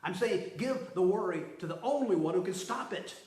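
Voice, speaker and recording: A man, the pastor, preaching a sermon with emphatic delivery that swings from loud to hushed, recorded in a church sanctuary. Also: high-pitched, expressive, normal speed, few pauses. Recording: roomy echo.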